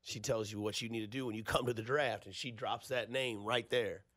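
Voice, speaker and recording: A man's voice: on the low side, fairly even intonation, a little fast, a bit bright, no echo, studio quality. A man, hosting a sports radio show in a rambling, jokey storytelling way. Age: 30s. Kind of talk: casual radio talk.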